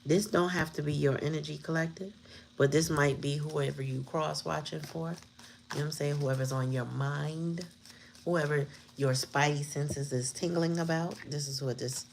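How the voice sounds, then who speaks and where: A woman's voice: low-pitched, gravelly, a little hiss or hum. A woman giving a casual tarot reading, blunt and profane, talking straight to her viewers and laughing often. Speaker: tarot reader.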